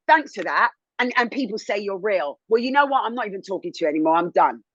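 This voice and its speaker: A woman in her thirties, a TV presenter, telling her own story as an interview guest in a candid, animated way, rising high when indignant. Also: quick pace, dry recording, dull audio. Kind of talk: emotional personal testimony.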